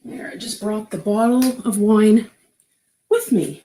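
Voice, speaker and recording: Woman, livestream host, casual chat, rambling, nervous laughs, frank, mid-pitched. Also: slow, background noise.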